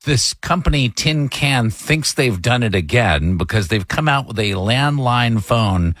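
Man, middle-aged, morning radio host, husky, dry studio sound, animated storyteller. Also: medium pitch, a little slow, no echo. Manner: animated storytelling, exasperated dad humor. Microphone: studio microphone.

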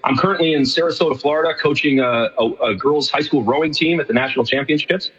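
A man's voice: a little high, fast, fairly bright tone, husky, big-room sound, dull audio. A middle-aged man from New York, a guest on a radio interview, talking casually and rambling with many fillers and restarts.

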